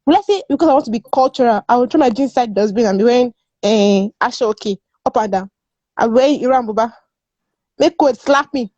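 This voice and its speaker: High, emphatic woman. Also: brisk, dark tone, dry recording, muffled recording. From Nigeria. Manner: emphatic, repeats words, laughs often. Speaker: guest panelist. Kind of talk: casual opinion discussion.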